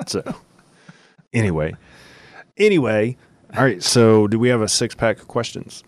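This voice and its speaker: A man hosting a Catholic talk show, chatting casually and telling stories with quick impressions and frequent laughs. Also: on the low side, dry recording, clean studio sound. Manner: laughs often, storytelling with quick voiced impressions. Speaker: host.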